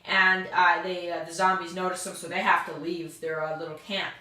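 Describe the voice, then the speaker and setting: A woman's voice: on the low side, level tone, bright, forceful tone. A woman recapping and reviewing a TV episode in a loose, rambling way, full of fillers, and briefly acting out characters' lines. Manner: acts out characters' lines in quick asides. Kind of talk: casual spoken recap and review. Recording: very echoey room.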